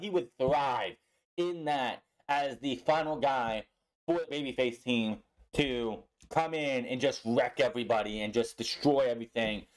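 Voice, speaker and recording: A young man casually recapping and reviewing a wrestling show, chatty and opinionated. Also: mid-range voice.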